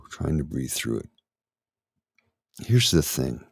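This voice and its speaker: Man, middle-aged, anxious and trembling, halting speech, husky low voice, dry close sound. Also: no room sound. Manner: halting, restarts, anxious and shaky. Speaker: ASMR channel host. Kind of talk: candid personal talk.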